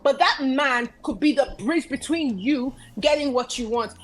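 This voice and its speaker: A high-voiced woman, talking with earnest conviction on a casual talk show. She drives her points home by repeating emphatic phrases, like a sermon slipped into chat. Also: a little slow, rough recording. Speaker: guest commentator.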